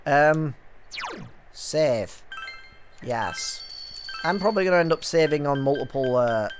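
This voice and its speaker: A man's voice: a little high, lively intonation, slow, soft background music. A young man hosting a let's play, chatting in a rambling way that trails off into fillers. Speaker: gaming channel host.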